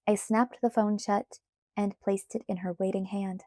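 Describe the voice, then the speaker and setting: A woman reading a novel aloud in the first person, with measured, even storytelling on a close mic. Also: medium pitch, dry recording. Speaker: audiobook reader.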